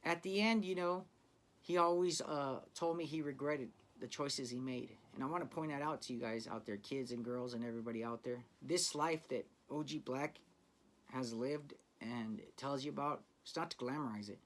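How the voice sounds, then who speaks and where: A man's voice: medium pitch, normal speed, fairly bright tone, slight background noise. A man hosting his own channel tells a crime story in loose street slang. He swears freely and keeps turning to the viewers as "guys," in a casual, confiding storytelling way.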